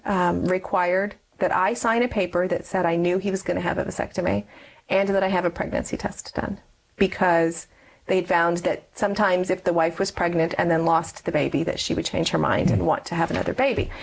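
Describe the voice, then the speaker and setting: A woman's voice: medium pitch, low-quality recording. A woman in her forties giving a personal testimony in an interview, earnestly telling her story and acting out past conversations. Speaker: guest.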